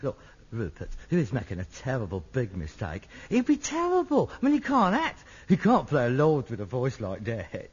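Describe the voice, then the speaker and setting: An actor playing an exasperated, pretentious middle-aged son who fancies himself an actor, indignant and huffy, in a 1960s radio sitcom. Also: male voice, on the high side, huge pitch swings, normal speed, hardly any pauses, a little mellow, husky, full character voice. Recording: dull lo-fi old radio recording.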